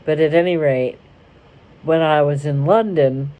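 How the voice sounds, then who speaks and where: A woman's voice: low-pitched, measured pace, mellow, a little hiss or hum. A young woman from Florida telling a rambling, wry story to camera, interrupting herself as she goes. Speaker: vlogger. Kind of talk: casual storytelling. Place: car.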